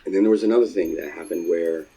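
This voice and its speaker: A man giving reflective interview answers in a halting way, with frequent pauses and fillers. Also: sits low, mellow, breathy edge, poor audio. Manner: halting, hesitant, with many fillers.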